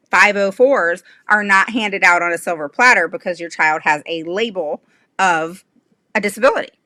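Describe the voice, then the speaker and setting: A woman's voice: medium pitch, sharp tone, no room sound. A middle-aged woman teaching parents in a live-stream lesson, emphatic and direct, checking in with frequent "okay?" and speaking frankly. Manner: frank and blunt. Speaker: special education advocate host.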